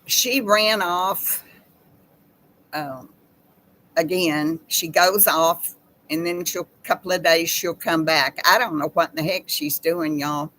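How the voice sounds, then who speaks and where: A woman hosting a relaxed chat with her viewers, speaking slowly and from the heart. She reads with feeling and talks to her audience like friends. A faint hiss sits under her voice. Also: lowish voice, rough recording. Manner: slow, heartfelt, emotional reading. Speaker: channel host. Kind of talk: casual chat with live viewers.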